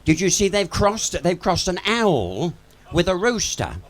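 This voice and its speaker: A man's voice: high-pitched, big pitch swings, unhurried. A man doing live stand-up patter on a pub stage, chatty and bawdy, swearing freely and laughing at his own jokes. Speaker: pub comedian and singer.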